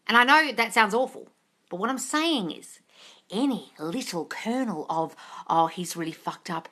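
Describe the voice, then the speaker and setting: A woman answering viewers' questions on a live stream, blunt and sweary, scolding her viewers and swinging from low mutters to loud yelling. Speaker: manifesting coach answering live chat questions. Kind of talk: blunt livestream Q&A.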